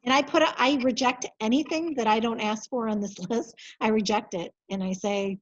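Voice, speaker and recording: A woman working as a compliance coordinator, walking colleagues through software in a practical, lightly chatty way. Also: fairly high pitch, normal speed, few pauses, lo-fi sound. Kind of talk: software training over video call.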